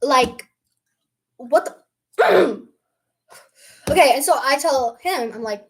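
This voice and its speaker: Teen girl telling a storytime, high voice that jumps all over, cusses a lot and acts out the quotes. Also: slow pace. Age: young teen. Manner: animated, swears freely, acts out quotes. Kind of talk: casual storytime chat.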